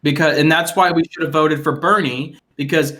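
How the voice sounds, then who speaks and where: A man's voice: a little high, fairly even intonation, moderate pace, a loud crowd. A man co-hosting a casual podcast, rambling and restarting his sentences as he jokes. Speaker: podcast co-host. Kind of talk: casual chat.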